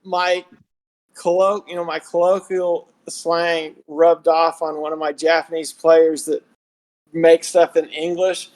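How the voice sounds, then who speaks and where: A podcast guest from Texas in the American South, with a Southern accent, tells rambling stories in a casual chat, restarting a lot. His voice is fairly high, level, slow and a little mellow, and the recording is rough.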